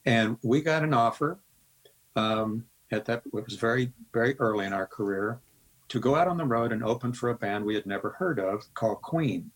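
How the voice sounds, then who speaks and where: Husky older man telling road stories. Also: medium pitch, expressive, normal speed, poor audio. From American Midwest. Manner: rambling anecdotes with laughs and quoted dialogue. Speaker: guest musician. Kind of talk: storytelling interview.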